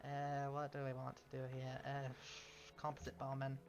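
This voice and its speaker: With a mid-range voice, completely flat delivery, moderate pace and vocal fry, a man chats casually while streaming a strategy game. He rambles, corrects himself and adds chuckling asides, over slightly dull audio and faint game music.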